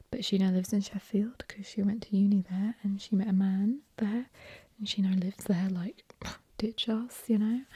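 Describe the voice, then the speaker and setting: A young English woman whispers her ASMR chat slowly and breathily into a close binaural mic. Her tone is very dark and mellow, the room dry and close, and she rambles along with strong opinions while sniffling now and then. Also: medium pitch, slightly rough, dry recording. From England. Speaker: ASMR host. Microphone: ear-to-ear binaural mic.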